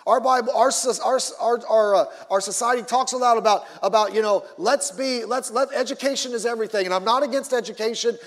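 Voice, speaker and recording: High-voiced preaching man in a reverberant hall. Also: brisk, few pauses. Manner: animated preaching, repeats words, sudden loud and soft swings. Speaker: pastor. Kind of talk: sermon.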